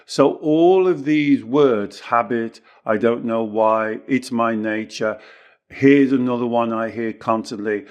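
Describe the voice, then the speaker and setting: A man working as a life coach, explaining ideas emphatically in a podcast conversation and repeating key phrases to drive them home. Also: slow. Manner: emphatic, acts out clients' excuses in a higher voice. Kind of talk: teaching talk in a podcast conversation.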